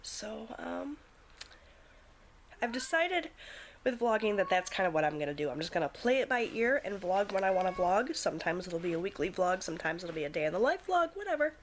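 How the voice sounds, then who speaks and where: A woman's voice: mid-range voice, big pitch swings, fast talker. A woman in her thirties, a mother, chatting casually to camera in her home kitchen with lots of ums. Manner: chatty, rambling, frequent ums. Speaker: vlogger, mother. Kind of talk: casual vlog talk to camera. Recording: noisy home video recording.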